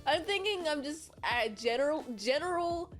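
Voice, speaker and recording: A woman's voice: sits high, expressive, moderate pace, soft background music. A woman reviewing a movie in a casual, rambling, jokey recap with self-deprecating asides.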